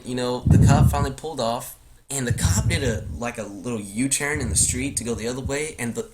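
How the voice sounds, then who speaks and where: A teenage guy spins a story in loose, casual talk, jumping into high, squealing voices whenever he quotes someone. His pitch sits right in the middle, and the recording carries clear hiss and little clicks. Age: teens. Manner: animated, acts out quotes in a high crying voice.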